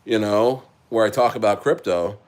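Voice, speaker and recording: A man hosting a casual crypto livestream, rambling with many halting restarts as he answers his chat. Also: on the low side, darkish tone. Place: living in Chile.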